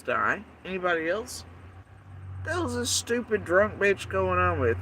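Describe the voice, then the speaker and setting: A man rants on his livestream, cursing freely and throwing his critics' words back at them in mocking impressions. His voice sits a little high for a man and is picked up from some distance off the mic. Faint traffic and room noise hum underneath. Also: lively intonation, measured pace, a bit bright. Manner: profane, defiant, mimics critics in mocking quotes. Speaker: livestream host. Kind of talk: angry livestream rant. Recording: voice somewhat far from the mic.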